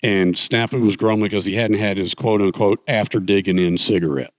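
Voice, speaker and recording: Middle-aged male guest, low voice, dry close mic, lively anecdotal storyteller. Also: a little fast, no room sound. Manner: animated, acts out quoted voices. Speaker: guest speaker, author. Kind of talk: conversational storytelling.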